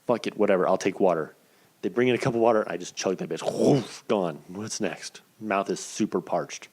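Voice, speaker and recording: A man in his thirties with a fairly low voice hosts his own podcast and tells a long personal story. He swears freely and talks casually, with plenty of energy. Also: moderate pace, husky. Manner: profane, animated, acts out quoted voices. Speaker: podcast host.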